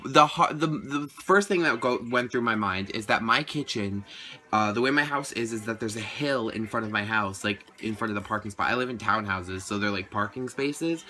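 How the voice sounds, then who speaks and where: A teenage young man telling a storytime vlog in a casual, indignant way, swearing a lot and saying "like" constantly. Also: medium pitch. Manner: casual, heavy swearing, lots of "like"; indignant, animated retelling. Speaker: vlogger.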